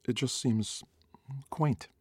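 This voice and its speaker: A man's voice: mid-range voice, slow, darkish tone, husky, dry recording, studio quality, pitched above the performer's own voice. A man voicing a fanciful young Greek-American woman with an earnest, polite manner, in a storybook reading.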